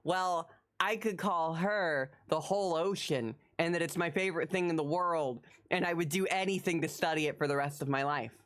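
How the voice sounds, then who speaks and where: A woman in her thirties streaming live and chatting casually with her viewers, jumping from squealing excitement to low, muttered asides. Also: moderate pace.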